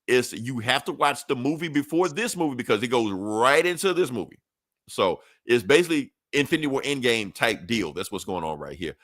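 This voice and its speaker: A man's voice: medium pitch, lively intonation, brisk, fairly bright tone, dry recording, studio quality. A man co-hosting a podcast in a loose, profane, rambling way, full of fillers. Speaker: podcast co-host. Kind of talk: casual chat.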